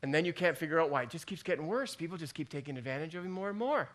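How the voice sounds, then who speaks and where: A man's voice: fairly high pitch, expressive, very fast, a bit bright. A man preaching a chatty sermon, joking and acting out the voices in his head. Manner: folksy, joking, acts out inner voices. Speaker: pastor. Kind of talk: conversational sermon.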